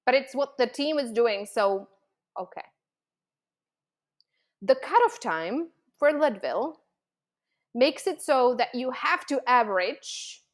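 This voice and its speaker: A woman vlogger telling a personal story in a casual, animated way, with many fillers, acting out her own thoughts. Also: a little high.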